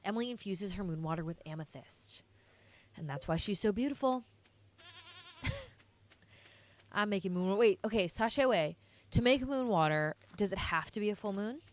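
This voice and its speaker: A woman's voice: medium pitch, expressive, moderate pace, long pauses, slight background noise. A young woman giving casual, rambling gameplay commentary as a gaming vlogger, chatting directly to her viewers.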